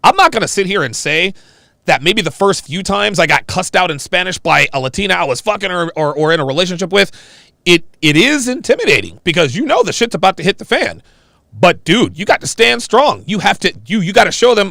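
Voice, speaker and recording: A man's voice: high voice, very animated, fast, vocal fry, sharp tone, no room sound, clean studio sound. A man hosting a livestream, giving casual, profane reaction commentary and talking to viewers as "dude.". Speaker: livestream host reacting to a video.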